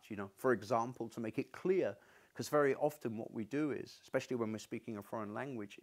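A man's voice: mid-range voice, vocal fry, darkish tone. A man giving a university lecture in a conversational, unscripted way, often restarting his sentences. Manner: conversational, stubborn-toned, frequent restarts.

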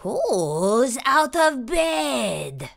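A woman voicing an icy, hissing male tentacle monster who speaks slowly and eerily. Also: sits high, very animated, vocal fry, full character voice. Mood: eerie. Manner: icy, hissing, slow and eerie.

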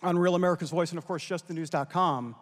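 High-voiced moderator from New York. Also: male voice, fairly even intonation, fast. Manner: chatty, loose, many fillers. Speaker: panel moderator and show host. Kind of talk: casual anecdote and wrap-up announcements. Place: conference hall stage. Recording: long hall reverb.

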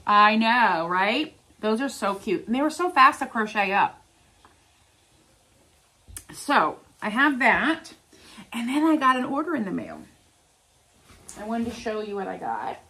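A middle-aged woman chats casually to her camera, gushing over yarn and crafts. She talks at an unhurried, drawn-out pace. Her voice sits a little on the high side. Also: very animated, sharp tone. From Ohio, US. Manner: chatty, giggly, exclaiming over crafts. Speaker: vlogger.

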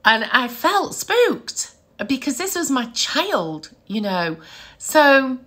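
A middle-aged woman, a psychic medium telling family stories in a chatty, animated way and laughing often. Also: high voice, takes it slowly. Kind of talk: casual storytelling to camera.

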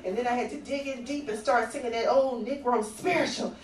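A woman's voice: on the high side, fairly quick. A woman doing a stand-up comedy routine in a comedy club, sassy and conversational as she teases the audience. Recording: echoey, far-off club recording with faint ambient noise.

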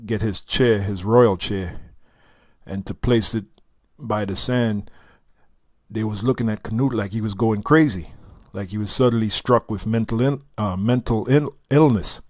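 A man reading a story aloud and breaking off for halting, chuckling commentary. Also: fairly low pitch, no echo, clean studio sound. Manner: halting asides, restarts and chuckles between read passages. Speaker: reader and teacher.

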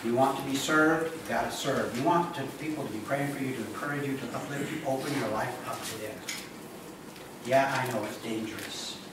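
A man's voice: medium pitch, a little fast. Man preaching in an echoey church. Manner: conversational, joking asides to the congregation. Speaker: pastor. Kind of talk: sermon. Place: church sanctuary. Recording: echoey room, voice from far off, noisy.

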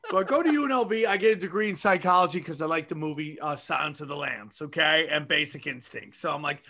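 A man's voice: on the high side, fast, hardly any pauses. A middle-aged man, a podcast host and comedian, telling rambling, profane stories in casual chat. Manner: profane, animated storytelling. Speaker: podcast host and stand-up comic.

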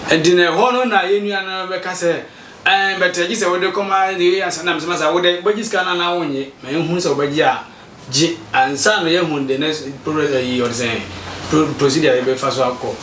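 A man's voice: on the high side, brisk, a little hiss or hum. Ghanaian man telling a story in an echoey room. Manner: animated storytelling, acts out quoted exchanges. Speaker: community association member. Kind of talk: recounting events, mixing Twi and English. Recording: echoey room, mic far off.

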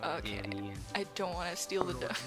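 A woman giggling and chatting excitedly to herself while playing in virtual reality, sometimes sinking to a whisper. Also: fairly low pitch, normal speed, over loud music. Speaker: VRChat streamer. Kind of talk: casual vlog commentary. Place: playing in a VR social app at home.

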